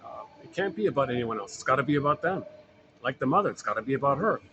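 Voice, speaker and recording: A man's voice: medium pitch, lively intonation, fast talker, highs cut off. Man giving a rambling psychology talk, noisy recording. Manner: rambling, repeats phrases, frequent "uh" fillers. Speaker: lecturer on psychology.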